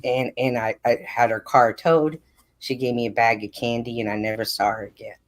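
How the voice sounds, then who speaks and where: A woman's voice: very deep voice, fairly even intonation, moderate pace. A woman speaking earnestly on a live stream, telling a personal faith story in casual conversation.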